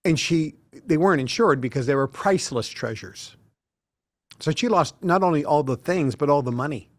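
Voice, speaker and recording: Man in his sixties, fairly high voice, dry close sound, anecdotal studio interview guest. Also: expressive, moderate pace, no echo. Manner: anecdotal, acts out quoted dialogue.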